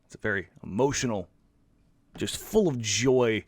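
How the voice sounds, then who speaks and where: A man's voice: medium pitch, expressive, normal speed, dry recording. A man hosting a sports podcast in casual chat, upbeat and self-mocking, still in his morning voice. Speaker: podcast host.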